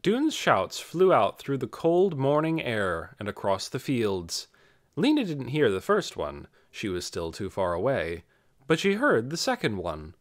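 Man narrating with a lively, expressive delivery. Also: mid-range voice, unhurried. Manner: expressive storytelling. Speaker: audiobook narrator. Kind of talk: scripted narration.

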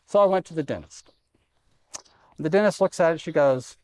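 A man's voice: fairly high pitch, moderate pace, darkish tone. Middle-aged man preaching a folksy sermon. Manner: conversational, self-deprecating humor. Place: church sanctuary.

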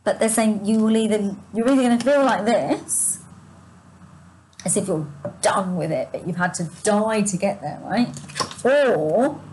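Animated yet measured, with a medium-pitched, darkish voice, a woman gives viewers an improvised tarot reading in a rough recording with slight background noise. She searches for words, restarts, and wanders into asides, sighing and yawning with a sore throat and short breath.

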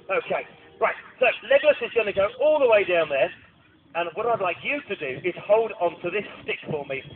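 A man's voice: sits high, noisy background. A man presenting a falconry display at an outdoor arena, joking and coaxing children from the crowd into the show. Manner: jokey, cheerful, coaxing children. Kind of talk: live outdoor show commentary with audience. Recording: tinny phone-like camcorder audio with music behind.

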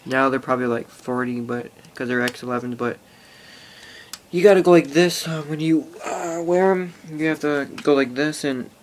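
A man's voice: mid-range voice, moderate pace, slight background noise. A teenage boy rambling casually to an iPod camera, full of fillers and swearing. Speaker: vlogger. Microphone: phone or iPod held close.

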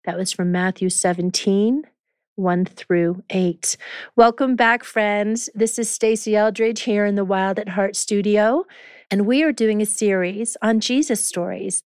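A woman host in a recording studio reads scripture at a measured pace and introduces the show. Her voice is smooth and resonant, and the studio sound is dry and close. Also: mid-range voice, a little mellow, no room sound. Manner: measured, clear reading voice. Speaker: podcast host. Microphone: studio microphone.

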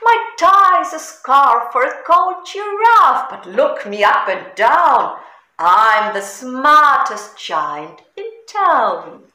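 A woman's voice: mid-range voice, sing-song, slow pace, a bit bright. A woman voicing a kind, cheerful male giant in a storybook reading, with a bouncy sing-song delivery. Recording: echoey room.

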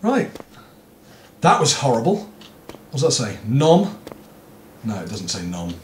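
A man's voice: mid-range voice, huge pitch swings, measured pace, reverberant, a little hiss or hum. A British man commentating a horror game, nervous and jokey, swearing a lot and screaming in fright. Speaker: gaming YouTuber.

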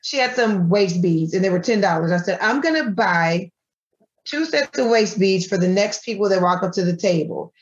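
A woman, a small food business owner, telling an animated story in an interview and acting out the dialogue of the people in it. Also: medium pitch, normal speed, muffled recording. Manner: animated, acts out quoted dialogue with her voice. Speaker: guest, granola business owner.

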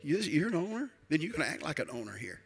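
A man's voice: fairly high pitch, very animated, fast, slightly rough, faint music behind. An older man, a retired pastor, preaching a sermon in a church with emphatic, repetitive declarations.

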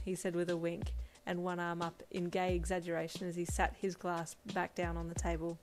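Woman reading fanfic out loud, calm and even, lowish voice, soft lofi beat behind. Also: fairly quick. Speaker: fanfiction reader. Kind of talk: second-person fan story narration. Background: faint lo-fi drum music.

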